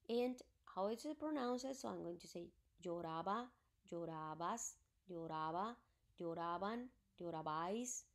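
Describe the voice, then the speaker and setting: A woman speaks at an unhurried, deliberate pace as she teaches a recorded grammar lesson. She walks through each point patiently, one example at a time, at a pitch that sits in the ordinary middle range. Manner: patient, explains step by step with examples. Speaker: Spanish teacher.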